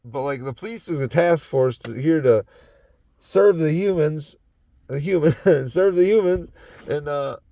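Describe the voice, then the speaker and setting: A phone or camera in a parked truck records a young Wisconsin man, a podcast host, rambling profanely about his life and laughing between thoughts. His voice is on the high side, gravelly and warm, with no echo.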